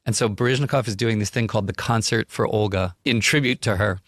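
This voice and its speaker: A man's voice: fairly low pitch, fast, no room sound, studio quality. A man guest on a talk show, animatedly telling a vivid anecdote and acting out the people in it. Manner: animated, vivid storyteller who acts out other people. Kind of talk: storytelling anecdote on a podcast.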